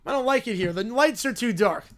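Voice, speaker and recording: A man's voice: extremely high pitch, animated, brisk, fairly bright tone, a little hiss or hum. A man voicing a whining, sulky preschool boy who complains about everything. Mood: whiny. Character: whiny crying little preschool boy.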